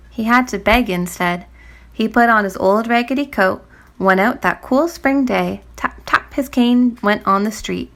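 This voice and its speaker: A woman reading a rhyming children's story aloud in a rhythmic, expressive way. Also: medium pitch.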